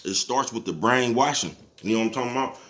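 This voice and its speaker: A man's voice: mid-range voice, fast, heavy background noise. Chuckling, laid-back man preaching casually. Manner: laid-back, chuckles often, keeps asking "you know what I'm talking about?"; profane, preachy street talk. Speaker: vlogger. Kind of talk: casual motivational monologue.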